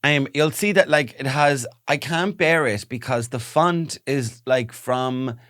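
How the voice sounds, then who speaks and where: A man's voice: mid-range voice, a little slow, a bit bright, dry recording. Irish man, dry close voice. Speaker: podcast co-host. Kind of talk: casual comedic chat.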